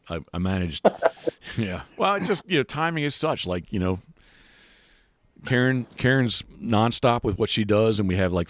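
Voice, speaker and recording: Male podcast host, deep and dry-miked, loose rambling chat full of restarts. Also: dry recording. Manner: rambling, many restarts and fillers. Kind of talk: casual chat. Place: outdoors.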